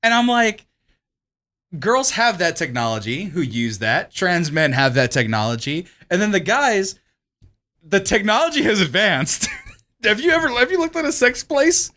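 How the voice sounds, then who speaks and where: A man co-hosting a casual podcast, his voice sitting a little high and swinging widely as he talks. He rambles through stories, swears freely and breaks into laughter often. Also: sing-song, moderate pace, pushed and bright. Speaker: podcast co-host. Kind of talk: casual chat.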